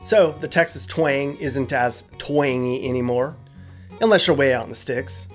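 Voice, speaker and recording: A man narrates a scripted explainer in a casual, joking tone. His voice sits in a middle pitch, and he drops wry asides between facts. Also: a little slow, soft background music. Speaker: host.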